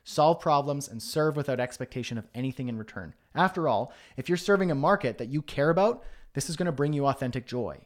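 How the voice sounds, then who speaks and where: A man's voice: mid-range voice, lively intonation, quick pace. A man hosting a live-streamed business workshop, coaching emphatically with many rhetorical questions. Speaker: host.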